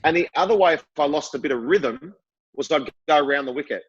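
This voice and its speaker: A middle-aged man as a podcast guest, telling lively stories and acting out what people said. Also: on the high side, fast, breathy edge, highs cut off. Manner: lively storyteller, acts out quotes. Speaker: guest, former cricketer. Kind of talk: casual interview chat.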